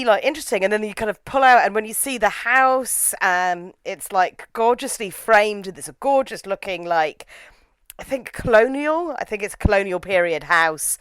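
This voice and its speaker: Animated woman, smooth dry voice. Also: fairly high pitch, no room sound. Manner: animated, opinionated, quick asides. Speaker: film reviewer, podcast co-host. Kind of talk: casual chat.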